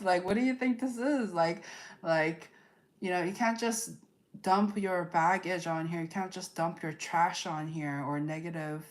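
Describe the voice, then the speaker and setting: A woman giving a live tarot energy forecast, rambling with many fillers and tag questions, and acting out quoted people in lively voices. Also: low voice. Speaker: tarot reader.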